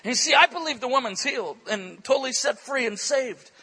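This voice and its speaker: A male preacher telling a story in an animated, excitable sermon at a church conference, breaking into bursts of shouting. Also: extremely high pitch, a little fast, husky, poor audio.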